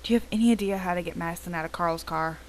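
A woman's voice: fairly low pitch, rapid-fire, slight background noise, natural voice, rough recording. A woman voicing an anxious, earnest young woman who is trying to rescue a friend. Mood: worried.

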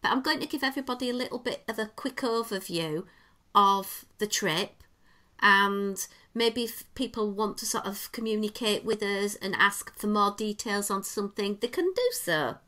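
A woman with an English accent, co-hosting a podcast and telling a travel story in lively, casual talk. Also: mid-range voice, normal speed. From England. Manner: animated storyteller, acts out quoted dialogue. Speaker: podcast co-host.

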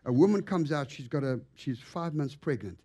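A man preaching in a church as a guest evangelist, telling stories with lively, acted-out animation. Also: on the high side, normal speed. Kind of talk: storytelling sermon. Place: church sanctuary.

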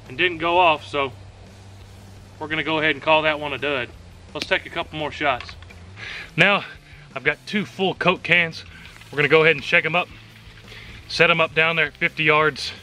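A man hosting a casual outdoor shooting vlog, talking through his shots at a range. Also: on the high side. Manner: relaxed running commentary between shots. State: out of breath at times. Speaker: host of a shooting channel.

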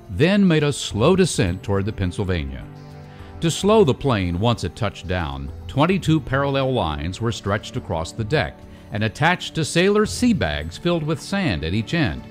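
Expressive male documentary narrator. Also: fairly low pitch. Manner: measured, storytelling delivery. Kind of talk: scripted narration.

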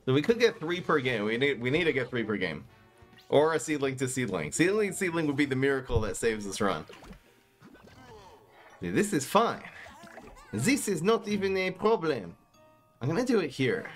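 Animated male gaming streamer. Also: mid-range voice, moderate pace, long pauses, faint music behind. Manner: animated, swings between muttering and exasperated outbursts. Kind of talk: casual gameplay commentary.

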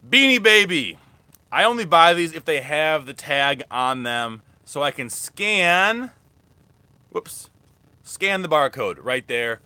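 A man's voice: on the high side, lively intonation, takes it slowly, sharp tone, no room sound. A young man rambling casually through a live thrift haul as a reselling vlogger. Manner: rambling, chatty, restarts often.

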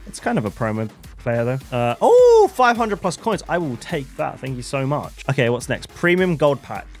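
Young man, gaming streamer, lively swooping voice, music playing faintly behind. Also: mid-range voice, normal speed. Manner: swings from shouting hype to quiet muttering. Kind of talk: excited video game commentary.

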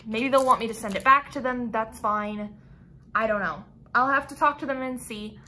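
A woman's voice: fairly high pitch, normal speed, pushed and bright. A young woman vlogging a craft unboxing, frustrated, sighing and rambling with restarts. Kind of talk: casual unboxing vlog.

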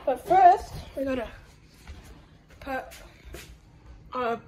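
Hiccuping through a casual cooking tutorial in her home kitchen, a woman talks extremely slowly in a high, animated voice. She rambles, chats, and corrects herself, all over heavy background noise.

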